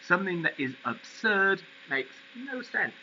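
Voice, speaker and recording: A man's voice: high voice, big pitch swings, unhurried, bright, forceful tone, dull audio, a little hiss or hum. A man teaching, reading a story aloud expressively and explaining words along the way.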